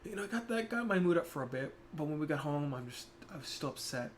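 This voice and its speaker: A young man streaming, talking casually and reflectively, turning soft-spoken when emotional. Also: on the high side, lively intonation, fast, slight background noise. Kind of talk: casual chat.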